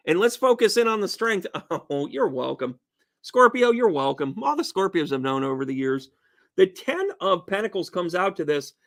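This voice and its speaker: A man with a high voice talks his way through a casual tarot reading. He is exuberant and joking, and he swears bluntly and casually. His delivery is loose and chatty. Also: fairly bright tone. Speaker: tarot reader.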